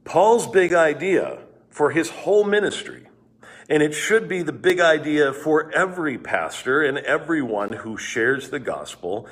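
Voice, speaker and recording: A man's voice: medium pitch, fairly bright tone. A male pastor giving a devotional Bible teaching, explaining scripture verse by verse in an earnest, explanatory way and reading passages aloud.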